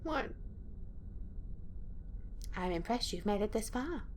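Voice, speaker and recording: A woman voicing an eerie little ghost girl who speaks in a soft, half-whispered, coaxing way while reading a horror game aloud. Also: mid-range voice, animated, slow pace, slight background noise. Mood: eerie soothing.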